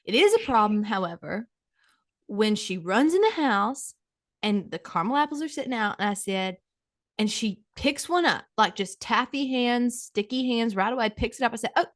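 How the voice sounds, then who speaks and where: A woman's voice: fairly high pitch, lively intonation, normal speed, no echo, clean studio sound. A middle-aged woman hosting a comedy podcast, telling a dramatic, gossipy story to her co-host.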